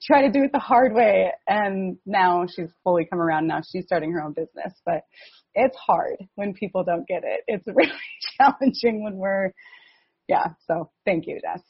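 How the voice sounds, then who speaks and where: Sex: woman. Role: group facilitator. Style: casual video call. Quality: husky. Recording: slightly dull call audio. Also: medium pitch, animated, moderate pace. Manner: chatty, hands the turn to the next person.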